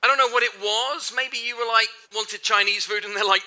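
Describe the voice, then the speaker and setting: High, bright-voiced man giving a keynote. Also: steady tone, quick pace, few pauses. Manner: emphatic, repeats phrases for effect, asks the audience questions. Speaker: keynote speaker. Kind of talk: motivational keynote speech. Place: large hall before a live audience.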